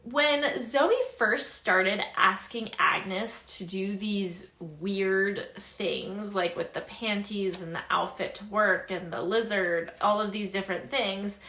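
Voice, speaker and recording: A young woman recapping a story in a casual, chatty, expressive way, laughing often. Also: mid-range voice, reverberant. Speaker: book reviewer.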